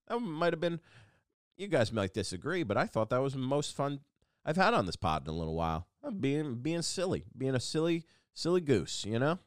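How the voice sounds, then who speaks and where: A man's voice: mid-range voice, clear, resonant tone, dry recording, clean studio sound. A man hosting a casual solo podcast, rambling and self-deprecating with lots of restarts. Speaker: podcast host.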